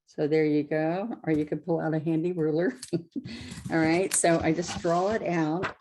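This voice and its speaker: A woman's voice: deep voice, steady tone, moderate pace, darkish tone. A woman teaching a live painting class, chatty and explaining each step, often correcting herself as she goes. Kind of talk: live craft demonstration.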